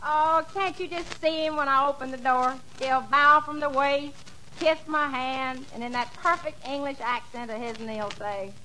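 A woman's voice: high voice, fairly even intonation, moderate pace, pushed and bright, slight background noise, poor audio. A woman playing a giggly, naive young country woman with a folksy manner, in 1940s radio comedy style. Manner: folksy, wide-eyed, giggly.

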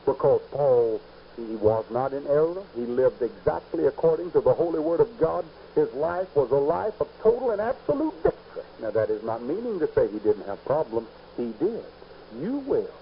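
A man preaching a sermon, emphatic and rising to loud peaks on key points. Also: medium pitch, very animated, moderate pace. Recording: dull lo-fi recording with faint hiss.

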